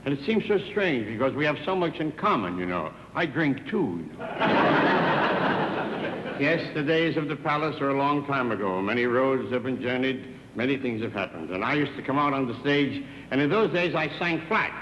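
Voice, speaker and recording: An older comedian doing a stand-up telephone monologue with dry wisecracks and one-sided phone chatter on a large theater stage. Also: male voice, mid-range voice, lively intonation, moderate pace. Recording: echoey theater, dull 1960s TV sound with hiss.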